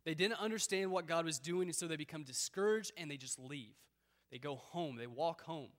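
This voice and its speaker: A male pastor preaching with earnest conviction, his fairly high voice swelling into emphatic questions and sinking low for weighty moments. The sound rings with a long reverb, as in a large church hall. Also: moderate pace, a bit bright. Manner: earnest, rising to emphatic appeals, dropping low for somber points. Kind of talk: sermon.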